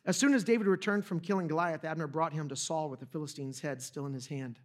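A man's voice: on the high side, quick pace. A young adult man preaching a sermon, retelling a story casually with jokes and asides to the audience. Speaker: pastor.

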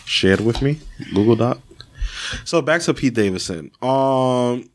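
A man hosting a casual podcast chat who is losing his voice, talking bluntly and crudely with many halting restarts. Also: mid-range voice, lively intonation. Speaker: podcast host.

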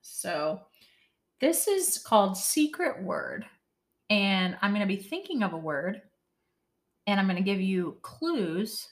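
A young woman co-hosting a podcast, chatting casually in a giggly, animated way. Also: mid-range voice. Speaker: podcast co-host. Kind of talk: casual chat.

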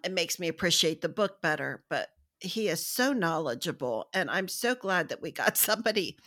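A woman's voice: lowish voice, lively intonation, normal speed, a bit bright. A woman from the United States co-hosting a book podcast, speaking in an effusive, gushing way and laughing often. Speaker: podcast co-host. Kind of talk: casual book-club podcast chat.

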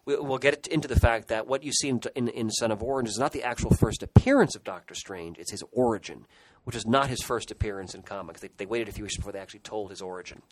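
Middle-aged guy, lowish voice, rambly nostalgic podcast chat. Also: fast talker, slight background noise, rough recording. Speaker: podcast co-host. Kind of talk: casual chat.

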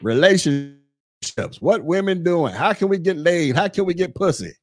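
A man's voice: high-pitched, animated, normal speed. A man in his forties hosting a podcast, ranting bluntly with mocking, profane talk. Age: 40s. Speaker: podcast host. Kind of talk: casual rant.

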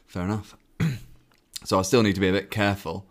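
Low-voiced man, chatty. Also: little pitch movement, brisk. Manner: chatty, laughing, lots of fillers. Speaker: podcast co-host. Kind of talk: casual chat. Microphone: headphones on, podcast mic.

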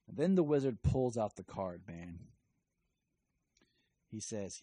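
Brief: casual male comic reviewer, deep, mellow, slightly breathy. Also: sing-song, slow pace, pauses often, low-quality recording. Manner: rambling, filler-heavy retelling. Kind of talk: casual chat.

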